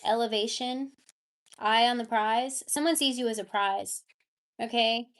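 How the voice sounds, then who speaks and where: A woman's voice: a little high, steady tone, unhurried, a bit bright. A woman giving a live tarot reading, chatting casually with her viewers. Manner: baby talk to her cat. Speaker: tarot reader.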